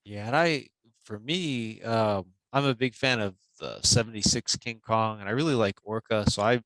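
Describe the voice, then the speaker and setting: Low-voiced author chatting easily. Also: male voice, moderate pace, fairly bright tone, no echo, poor audio. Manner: easygoing, chatty, many "you know"s. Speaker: author guest. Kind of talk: casual interview chat.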